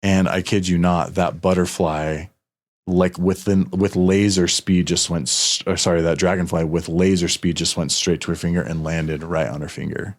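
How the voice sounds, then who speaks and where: A man's voice: deep voice, level tone, normal speed. A man hosting a podcast, telling a personal story earnestly and getting a little emotional, with many restarts. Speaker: podcast host. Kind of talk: casual podcast conversation.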